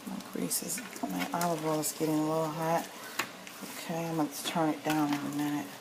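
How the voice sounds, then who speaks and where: A woman with a deep, gravelly voice gives a casual cooking demonstration at home, keeping a level tone and a brisk pace. She's folksy and chatty and often checks in with "okay?" The kitchen recording is echoey, with faint noise.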